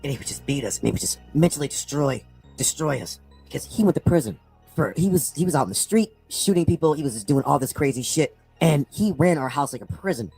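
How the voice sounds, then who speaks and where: Emotional man in his fifties, husky and fast, confessional livestream monologue, near crying. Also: a little high, animated, a little mellow, soft background music. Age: 50s. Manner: rambling, repeats "man", breaks into tearful outbursts. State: close to crying. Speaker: streamer on a clipped livestream.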